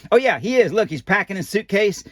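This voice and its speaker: A man's voice: high voice, very animated, a little fast, dry recording, studio quality. A man voicing a folksy old animatronic doll who reads a children's picture book aloud with rambling asides and loose grammar. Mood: chatty.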